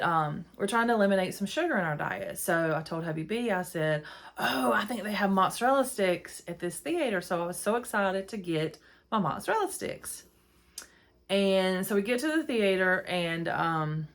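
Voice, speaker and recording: A woman's voice: on the low side, expressive, moderate pace. A middle-aged woman, hosting a podcast and telling a rambling, exasperated story into her phone. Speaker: podcast host. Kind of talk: casual storytelling monologue.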